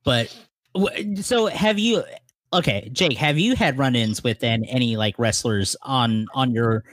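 A man co-hosting a casual podcast, talking in halting bursts, often stumbling over words and laughing. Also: medium pitch, fairly bright tone, no room sound, studio quality. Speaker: podcast co-host. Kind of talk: casual chat.

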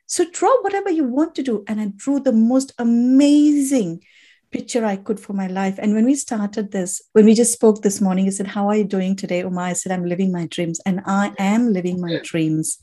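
A woman's voice: mid-range voice, moderate pace, dark tone. A woman and native Tamil speaker, a podcast guest, telling her personal story with heartfelt gratitude, emotional and close to tears, often restarting her sentences.

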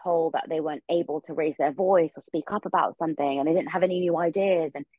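Podcast guest: young woman, low voice, rapid rambling storyteller, dull lo-fi dry recording. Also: steady tone, dry recording. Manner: rambling, many filler words. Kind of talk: casual storytelling. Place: her room.

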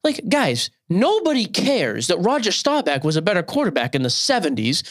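Animated, opinionated man in his thirties. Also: sits high, moderate pace. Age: 30s. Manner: opinionated, ranting. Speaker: podcast co-host. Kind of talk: casual podcast chat.

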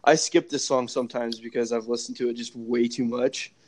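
A man co-hosting a casual podcast, talking in halting phrases with many restarts. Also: mid-range voice, steady tone. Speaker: podcast co-host. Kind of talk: casual chat.

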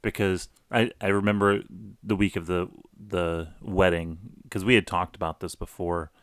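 A middle-aged man telling a personal story casually, animated, with many restarts. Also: low-pitched, moderate pace, dry recording, studio quality. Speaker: guest storyteller.

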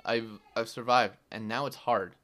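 A man's voice: medium pitch, steady tone, a little slow, sharp tone. A young man hosting his own podcast, telling a story in a loose, casual way, full of fillers and swearing. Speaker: podcast host.

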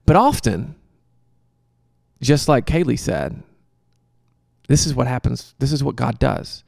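A man, a pastor, answering a question in casual, conversational Q&A talk, animated and joking at times. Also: medium pitch, takes it slowly, creaky, no room sound, clean studio sound.

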